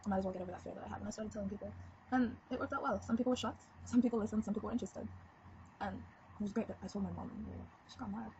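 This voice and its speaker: Fast-talking rambling teenage girl vlogger. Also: medium pitch, fairly even intonation, creaky, darkish tone. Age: teens. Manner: rambling, giggly, frank. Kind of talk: casual confessional vlog. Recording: dull lo-fi webcam audio with faint noise.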